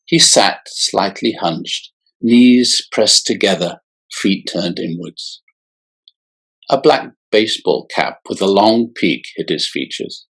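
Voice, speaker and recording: Man reading his novel, slow and measured, gravelly husky voice. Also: low voice, animated, a bit bright. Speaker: author.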